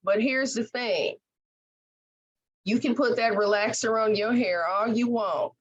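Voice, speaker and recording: A woman's voice: fairly high pitch, unhurried, breathy edge, lo-fi sound. Emphatic folksy woman podcast host. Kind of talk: conversational interview.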